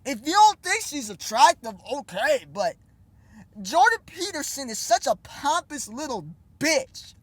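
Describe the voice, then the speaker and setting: High-voiced young man, sarcastic rant. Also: sing-song, unhurried, no room sound. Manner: sarcastic, scornful, casual slang. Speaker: vlogger. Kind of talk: mocking commentary rant.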